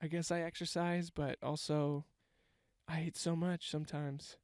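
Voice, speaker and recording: A man's voice: fairly high pitch, flat delivery, unhurried, a little mellow, clear, resonant tone, no echo, clean studio sound. A man, telling a rambling, self-mocking comic story and swearing freely. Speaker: comedian. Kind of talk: casual comedic storytelling monologue.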